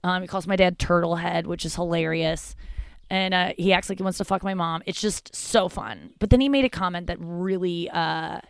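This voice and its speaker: A woman's voice: lowish voice, normal speed, vocal fry, clean tone, no echo. A young adult woman hosting a podcast, talking in a candid, rambling, crude comedic monologue. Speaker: podcast host.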